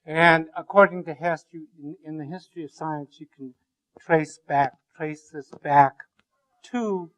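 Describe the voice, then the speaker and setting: A male university lecturer giving a classroom lecture, rambling and joking with many halting restarts. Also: fairly high pitch, a bit bright, dull audio.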